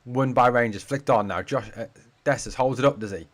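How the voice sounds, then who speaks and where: With a brisk, mid-range voice, a man commentates on play during his fan channel's live watch-along stream. He keeps it chatty and casual, swears freely and responds to what viewers write.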